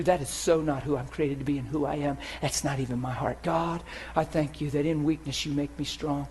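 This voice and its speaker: High-voiced, animated male preacher. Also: a little fast, hardly any pauses, slightly rough. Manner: animated, acts out inner voices, asks listeners to follow. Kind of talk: sermon.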